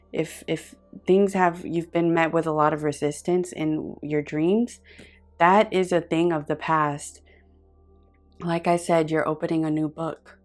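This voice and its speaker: Earnest low-voiced woman tarot reader. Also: darkish tone. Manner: earnest, effusive and intuitive, with frequent pauses and restarts. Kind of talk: pick-a-card tarot reading.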